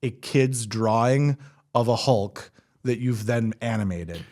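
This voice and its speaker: A man's voice: medium pitch, slow pace, darkish tone. A man hosting a podcast, casually recapping a film, swearing freely and laughing as he retells scenes. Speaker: podcast host. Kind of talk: casual movie recap chat.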